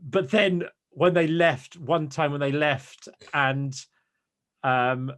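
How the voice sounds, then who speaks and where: A man in his thirties, a podcast guest, telling stories in an animated, ranting way. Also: fairly high pitch, slow. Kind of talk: casual chat.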